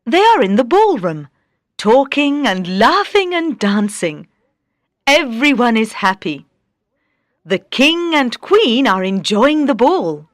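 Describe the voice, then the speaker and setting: A woman narrating a fairy tale slowly and clearly for beginner English learners. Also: fairly high pitch, no echo, clean studio sound. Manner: slow, clear, expressive. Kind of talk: slow storybook narration for beginners.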